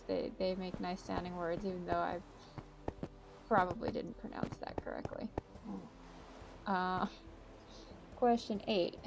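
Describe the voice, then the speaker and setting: Chatty woman with gravelly fry. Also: medium pitch, a little mellow, a little hiss or hum. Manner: chatty, self-mocking, thinks aloud while playing. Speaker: gaming channel host. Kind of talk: casual gameplay commentary. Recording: game music behind voice.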